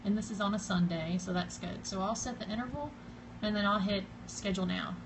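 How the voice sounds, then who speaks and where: A woman's voice: medium pitch, a little fast, noisy background. Southern woman chatting through a live tutorial. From Southern United States. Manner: chatty and rambling, with many fillers and restarts; greets and thanks viewers by name as they join. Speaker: blogger hosting a live stream. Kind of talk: casual live-stream tutorial. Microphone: phone camera.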